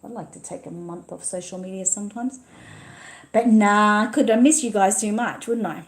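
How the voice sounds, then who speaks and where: A woman's voice: medium pitch, moderate pace, echoey room. An Australian woman hosting a casual livestream, chatting and reading viewer comments aloud at her computer. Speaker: livestream host.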